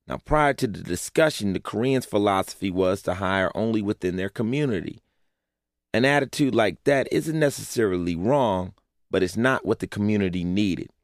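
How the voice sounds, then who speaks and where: A man's voice: on the low side, no echo, clean studio sound. Blunt, profane man narrating an essay. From Los Angeles, USA. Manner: blunt, profane, fond of rhetorical questions. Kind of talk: narrated reading of a personal essay.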